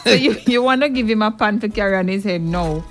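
A woman co-hosting a relaxed talk show at an ordinary pitch. She talks earnestly and thoughtfully, easy to laugh. Faint music plays under her voice. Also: fast. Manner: earnest, reasoning, laughs easily. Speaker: co-host. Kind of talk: casual chat.

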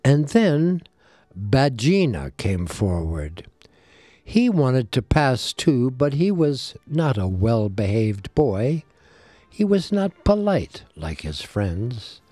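Slow, expressive male storyteller. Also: medium pitch, no echo, soft background music. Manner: animated, voices the characters, asides to a listener. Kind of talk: storybook narration.

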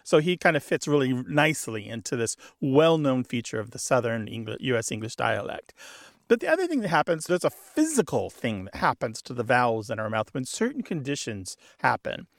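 A man's voice: mid-range voice, sing-song, fairly quick, gravelly, dry recording, clean studio sound. A man co-hosting a radio call-in show, explaining things in a good-humored, scholarly way. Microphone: studio microphone.

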